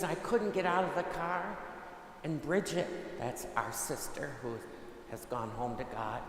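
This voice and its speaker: A man's voice: a little high, creaky, a little hiss or hum. A man, a priest, preaching a homily and telling a family story, acting out the quoted dialogue. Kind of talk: sermon. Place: large church. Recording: echoey church hall, long reverb.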